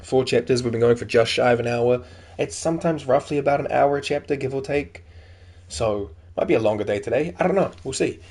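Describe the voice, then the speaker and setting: A man's voice: medium pitch, fairly quick, darkish tone. A man giving loose, casual commentary while playing a game, chatty and swearing now and then. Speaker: gaming streamer. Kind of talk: casual let's-play commentary.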